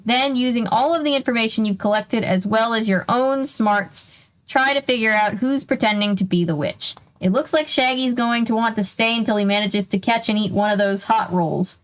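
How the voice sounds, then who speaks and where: A woman's voice: fairly high pitch, moderate pace, low-quality recording. Chatty young woman reading aloud. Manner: chatty asides and jokes between reading. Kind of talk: casual read-aloud of a children's mystery book.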